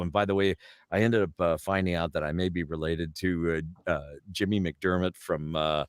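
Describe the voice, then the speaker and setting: A man's voice: deep voice, steady tone, moderate pace, clean tone, dry recording, clean studio sound. A Canadian man, a voice actor, chatting in an interview and rambling through anecdotes. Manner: rambling, anecdotal, name-dropping with frequent fillers. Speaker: voice actor guest. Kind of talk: casual interview chat.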